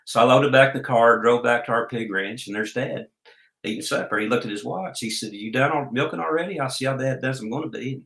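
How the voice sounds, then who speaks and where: A man's voice: mid-range voice, vocal fry, a bit bright, echoey room, rough recording. Folksy man telling stories. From Oklahoma. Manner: folksy, unhurried storyteller. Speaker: podcast guest. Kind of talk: storytelling in a podcast interview.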